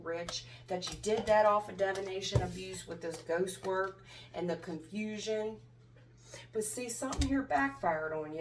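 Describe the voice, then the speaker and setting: A woman's voice: medium pitch, distant mic. Angry, confrontational woman tarot reader. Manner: angry, confrontational, preachy, swearing. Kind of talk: tarot reading vlog.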